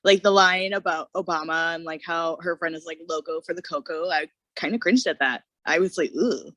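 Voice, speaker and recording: A woman's voice: fairly low pitch, fairly even intonation, fairly quick, fairly bright tone, no room sound. A woman co-hosting a podcast, chatting casually and sharing her opinions expressively. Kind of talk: casual chat.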